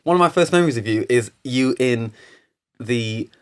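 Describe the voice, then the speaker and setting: A man hosting a casual podcast chat from a studio couch, rambling and animated as he tells stories. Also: medium pitch, normal speed, clean tone. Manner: rambling, animated storytelling with laughs. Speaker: podcast host.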